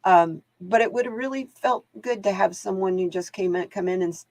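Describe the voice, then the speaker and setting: A woman's voice: mid-range voice, fairly quick, darkish tone, dry recording. A woman hosting live card readings, chatting casually to viewers and laughing often as she wanders off into stories. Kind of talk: casual livestream chat.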